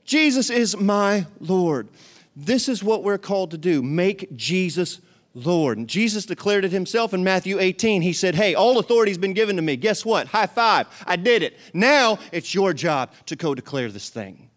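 Preacher building emphasis. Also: male voice, sits high, lively intonation, a little slow, a bit bright. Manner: preaching with rising emphasis and repetition; calls the congregation to respond. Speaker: pastor. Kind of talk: sermon. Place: church sanctuary.

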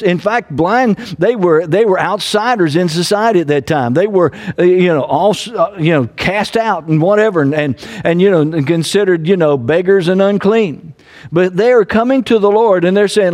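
A man's voice: high-pitched, moderate pace, a little mellow. A man preaching a sermon as pastor, earnest, with repeated phrases and fillers. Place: home.

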